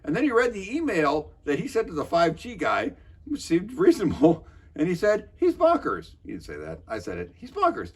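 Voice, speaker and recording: Husky man giving a wry meeting recap. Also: on the high side, huge pitch swings, fairly quick. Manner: mocking and wry, hesitant with many filler sounds. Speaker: local political commentator. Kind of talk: sarcastic recap of a city council meeting.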